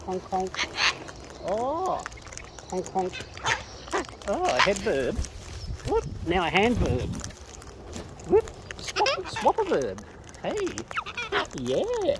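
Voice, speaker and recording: Feeding wild birds outside while filming, this vlogger talks to them in a playful, coaxing sing-song over loud background noise. His voice is high-pitched with huge pitch swings, slow, and he pauses often.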